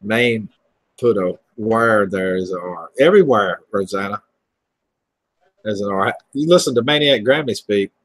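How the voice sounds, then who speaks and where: A man with a Southern US accent rambles casually on a livestream, laughing easily as he talks. His voice is fairly low and a little slow. The recording is dry and the audio poor.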